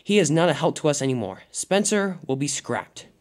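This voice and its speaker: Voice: medium pitch, animated, a little fast, close to an everyday voice. A reader playing a cold, bossy diesel boss. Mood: commanding. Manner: cold, commanding. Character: scheming bossy diesel gang leader.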